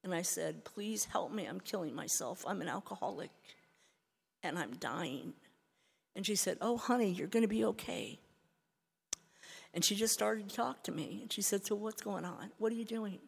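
An older woman telling her recovery story as a candid, self-mocking personal testimony, swinging from hushed to loud. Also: lowish voice, moderate pace, creaky, breathy edge. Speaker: speaker sharing recovery story. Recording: hall reverb.

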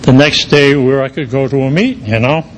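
A man's voice: medium pitch, a little fast, slight background noise, rough recording. A middle-aged man, giving a personal recovery testimony in a rambling storytelling way full of "you know" fillers. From Quincy, Massachusetts area. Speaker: recovery meeting speaker.

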